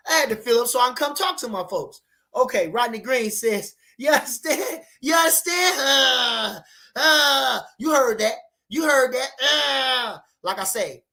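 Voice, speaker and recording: A man hosts a relaxed livestream about boxing and reads viewer comments aloud. His talk is slangy and animated. He repeats his points, and laughter often breaks into it. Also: sits high. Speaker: boxing channel host. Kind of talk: casual livestream chat reading viewer comments.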